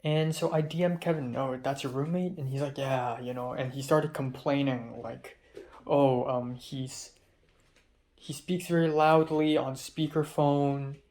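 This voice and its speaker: A young adult man vlogs to camera diary-style, rambling through stories about his day and correcting himself as he goes. His medium-pitched voice is fairly even, a little slow and darkish, with slight background noise.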